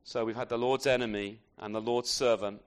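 A man's voice: mid-range voice, steady tone, brisk. A man preaching an expository sermon in a conversational way, often turning his points into tag questions and adding self-deprecating asides.

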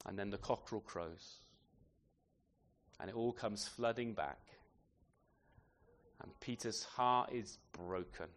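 A man's voice: fairly low pitch, slow, pauses often, fairly bright tone. A man preaching a sermon in a conversational way, often tagging his points with questions to the listeners. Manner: conversational, rhetorical tag questions.

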